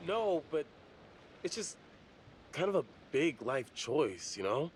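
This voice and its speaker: A man's voice: fairly high pitch, big pitch swings, slow pace, a little hiss or hum. An actor playing a young male medical student who is snappy and a little boastful, in a game. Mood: hesitant.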